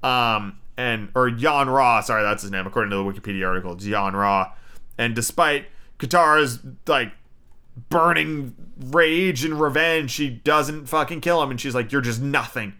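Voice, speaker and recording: Dude rambling thru a show review, swears a ton, says like constantly, kinda sharp bright voice. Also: male voice, mid-range voice, moderate pace, smooth. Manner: profane, filler-heavy, frequent "like". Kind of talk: casual rambling commentary.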